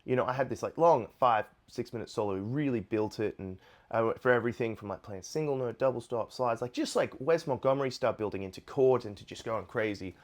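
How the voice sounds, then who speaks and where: A man, a guitarist, chatting casually to camera in a relaxed, rambling way with many fillers. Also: mid-range voice, fast talker. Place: Nashville. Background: guitar playing.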